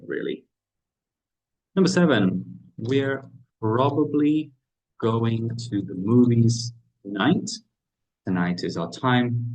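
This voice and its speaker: A man's voice: low-pitched, a little mellow, poor audio. A man teaching an English grammar lesson, explaining step by step and often checking in with "right?".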